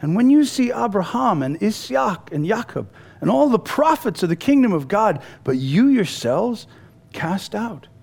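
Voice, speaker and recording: 高めの声で抑揚豊かに語る男性説教者。くだけた語り口で、言い直しを交えながら話す。. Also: male voice, sits high, measured pace, vocal fry. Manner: conversational and animated, with frequent restarts and storytelling. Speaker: preacher. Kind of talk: sermon.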